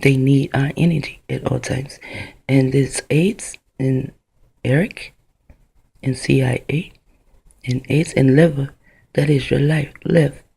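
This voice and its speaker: A woman's voice: a bass voice, steady tone, takes it slowly, creaky, long pauses, warm tone, breathy edge. A woman talking into her own camera in a rambling, profane vlog monologue that drifts from one idea to the next. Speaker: vlogger.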